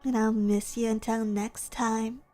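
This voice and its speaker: A woman's voice: a little high, little pitch movement, a little slow, warm tone, soft background music. A young woman streamer chatting casually with her viewers at the end of a stream, bubbly and playful. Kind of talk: casual stream outro chat.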